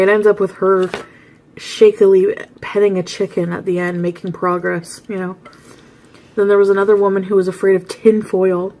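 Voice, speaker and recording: A woman's voice: mid-range voice, a little mellow, a little hiss or hum. Chatty woman telling a rambling story. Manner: chatty, rambling, with frequent asides and laughs. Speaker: vlogger host. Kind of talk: casual storytelling vlog.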